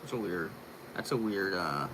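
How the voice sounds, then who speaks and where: A man's voice: deep voice, expressive, moderate pace, noisy background. A young man hosting a casual livestream, rambling loosely with fillers and the odd curse. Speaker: livestream host.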